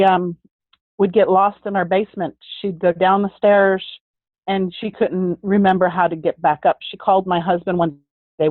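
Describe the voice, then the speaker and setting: A woman's voice: lowish voice, dry recording. A middle-aged woman giving a heartfelt personal testimony in an earnest way, often restarting her sentences. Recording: tinny phone-like sound, dry.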